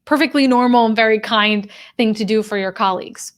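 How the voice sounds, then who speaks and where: A woman's voice: on the high side, brisk. A woman who coaches and teaches human behavior, talking directly and conversationally to viewers on a live stream.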